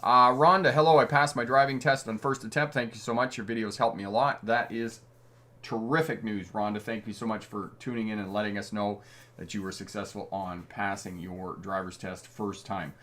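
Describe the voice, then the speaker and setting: A man's voice: on the low side, fairly even intonation, normal speed, pushed and bright. Chatty man hosting a driving livestream. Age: middle-aged. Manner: friendly, chatty, reads out comments, chuckles often. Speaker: driving instructor and livestream host. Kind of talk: live-stream chat answering viewer comments.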